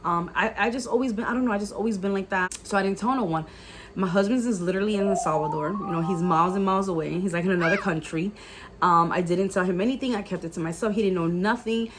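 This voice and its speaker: A woman's voice: medium pitch, fast talker, slight background noise. A young adult woman telling a personal story to her viewers in a casual, chatty way, full of "like" and "guys". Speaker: YouTuber telling a personal testimony.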